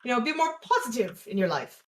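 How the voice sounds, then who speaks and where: Woman player, high and animated, playful banter in character. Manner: playful, quick back-and-forth. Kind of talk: in-character tabletop role-play.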